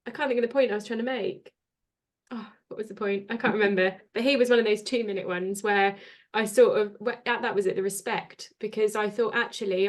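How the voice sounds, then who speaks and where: A woman guest on a podcast talking reflectively about respect and letting people go, sometimes losing her thread. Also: medium pitch. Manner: reflective, loses her thread, soft-spoken. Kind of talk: casual spiritual chat.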